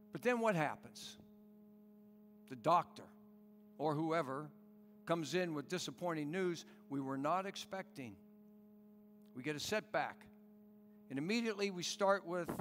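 A man's voice: on the high side, a bit bright, in a large hall, a little hiss or hum. A man pastor preaching a sermon in an earnest, pleading way with rhetorical questions.

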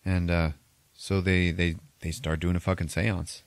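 A man's voice: deep voice, level tone, smooth, no echo. A man casually retelling a film's plot on a podcast, swearing freely and laughing as he briefly acts out the characters' lines. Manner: profane, laughing, acts out characters in quick bits. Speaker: podcast host. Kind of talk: casual movie recap.

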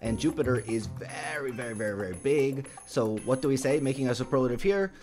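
A man teaching an English lesson to learners, speaking slowly and stressing words carefully. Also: mid-range voice, lively intonation, a little mellow, faint music behind. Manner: slow, careful pronunciation with emphatic stress.

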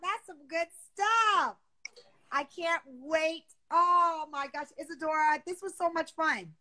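A woman's voice: very high-pitched, slow pace, bright, forceful tone. A woman hosting a casual live stream on a phone, talking in a gushing, effusive way.

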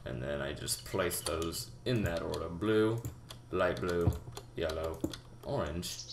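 Low gravelly man rambling through a tutorial. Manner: rambling, halting, many fillers and restarts; breathy, out-of-breath delivery. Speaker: game tutorial maker. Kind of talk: casual gameplay tutorial. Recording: echoey room with loud background noise. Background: keyboard typing and mouse clicks.

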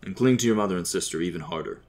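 A man voicing a kind departed father who speaks calmly and lovingly in an audio storybook. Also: low voice, racing. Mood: gentle.

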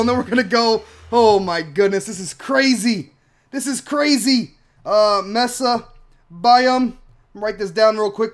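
A young man casually commenting on his own game play, rambling and breaking into excited shouts. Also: sits high. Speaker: gaming channel host. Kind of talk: Minecraft let's play commentary.

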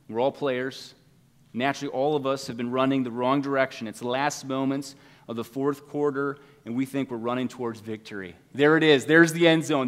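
A man preaching a sermon to his congregation. His delivery swings from loud, urgent appeals down to hushed, quiet passages. His voice sits at an ordinary middle pitch and rings on in a long, reverberant hall. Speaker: pastor. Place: church sanctuary.

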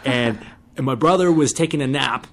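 A man's voice: mid-range voice, normal speed. A man talking casually as a guest musician in a radio studio, chatty and rambling with self-deprecating jokes, into a studio microphone. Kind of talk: casual radio interview chat.

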